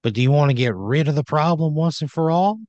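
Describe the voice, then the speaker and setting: A man's voice: on the high side, expressive, fast talker, darkish tone, no room sound, dull audio, voice pushed up, close to an everyday voice. A man voicing a brash, macho mechanic hero with a bold, showy manner. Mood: confident.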